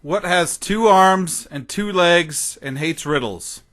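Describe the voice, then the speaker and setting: A man playing a tabletop role-playing game, joking and asking quick, puzzled questions. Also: high voice, fairly bright tone. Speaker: player.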